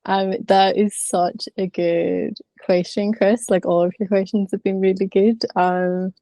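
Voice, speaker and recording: A woman in her thirties chats frankly in an online class, her speech full of filler words. She has a mellow, mid-range voice with little pitch variation and an unhurried pace, recorded dry.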